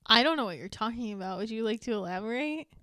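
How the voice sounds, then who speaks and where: Animated woman with a smooth, slightly high voice. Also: fast. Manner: animated, recounts scenes with asides. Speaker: podcast co-host. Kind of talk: casual movie chat.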